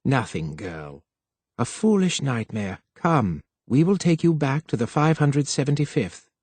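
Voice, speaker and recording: A man voicing a calm, guarded older male official in an audiobook, speaking softly and with measure. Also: breathy edge, no echo. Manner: soft, measured, low-spoken. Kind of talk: audiobook character voice.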